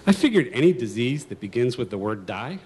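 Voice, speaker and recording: Lively comic man telling a story. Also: medium pitch, a little fast. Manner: comic, lively, self-mocking. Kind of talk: live storytelling. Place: stage at a live storytelling event.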